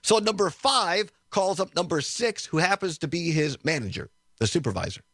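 A man hosting a radio talk show, telling a story in a chatty, animated way, chuckling often and acting out what people said, from a studio. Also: fairly high pitch, moderate pace, dry recording. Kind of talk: storytelling chat on air.

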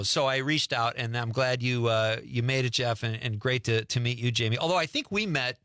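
A man's voice: mid-range voice, expressive, brisk, hardly any pauses, bright, forceful tone, clear, resonant tone, no room sound. A man hosting a radio talk show, chatting loosely with his guests and often restarting his sentences. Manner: chatty, laughs easily, stumbles and restarts. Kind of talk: casual radio interview. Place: radio studio.

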